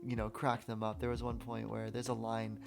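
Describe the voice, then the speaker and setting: A man hosting a podcast, chatting casually and telling stories in a relaxed way. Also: on the low side, brisk, gravelly, music in the background. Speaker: podcast host. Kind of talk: casual conversational interview.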